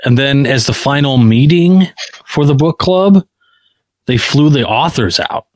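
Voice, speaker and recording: A man co-hosting a podcast in casual chat, talking in a relaxed, rambling way with lots of fillers. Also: medium pitch, a little slow, dry recording. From Illinois, US. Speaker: podcast co-host.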